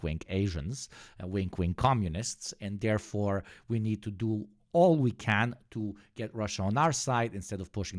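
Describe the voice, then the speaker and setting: Low-voiced male streamer, dry close mic, sarcastic and swearing. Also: no echo. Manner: sarcastic, profane, emphatic. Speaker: streamer host. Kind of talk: live stream commentary.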